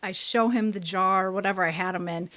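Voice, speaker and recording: A woman's voice: mid-range voice, steady tone, fairly quick, a bit bright. A woman co-hosting a podcast, telling a childhood story in casual chat, acting out quotes and laughing often. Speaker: podcast co-host.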